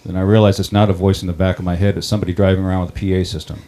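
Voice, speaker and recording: Deep-voiced man telling his own story. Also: level tone, mellow. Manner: plain-spoken, halting, many ums and restarts. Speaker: water district operator on a panel. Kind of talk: personal storytelling.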